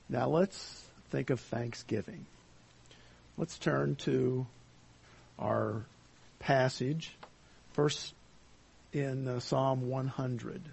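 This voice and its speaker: A man teaching a verse-by-verse Bible lesson, speaking slowly and deliberately with many pauses and fillers. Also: medium pitch, creaky, husky.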